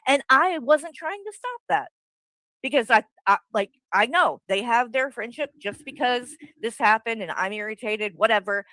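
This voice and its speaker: A woman's voice: fairly high pitch, expressive, normal speed, sharp tone, no room sound, rough recording. A woman arguing on a livestream, bluntly accusing someone with swearing and rambling asides. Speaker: guest confronting the host. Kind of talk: heated livestream argument.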